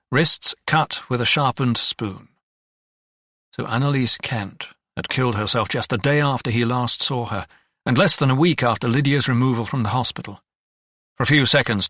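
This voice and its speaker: A mid-range male voice delivers scripted audiobook narration, telling the story at a calm, even pace. The studio sound is clean and has no echo.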